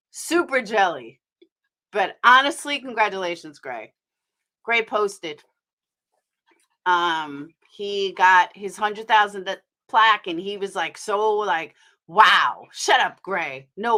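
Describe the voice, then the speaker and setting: A woman's voice: mid-range voice, sharp tone. A woman hosting a casual live stream, talking bluntly, swearing freely and rambling as she vents to her viewers. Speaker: livestream host.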